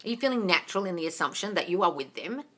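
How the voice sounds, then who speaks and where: A woman's voice: lowish voice, animated, rapid-fire. A woman hosting a live manifesting Q&A, reading viewer comments and answering bluntly with lots of swearing, calling people darling. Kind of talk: casual live-stream chat reading comments.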